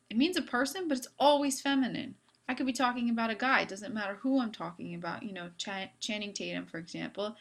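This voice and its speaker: A woman's voice: mid-range voice, fairly bright tone. Woman, French teacher, video lesson, upbeat, playful asides.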